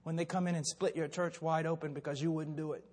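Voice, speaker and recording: A man's voice: fairly high pitch, little pitch movement, fast talker, darkish tone. An older man preaching a sermon with fervent, impassioned storytelling. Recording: long hall reverb.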